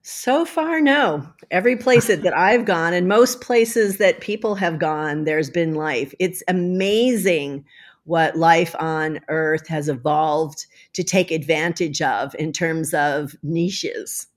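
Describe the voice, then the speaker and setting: A woman scientist answering interview questions from home, thoughtful and measured. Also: sits low. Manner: thoughtful, measured, with small restarts. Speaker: scientist guest. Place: home with a dog.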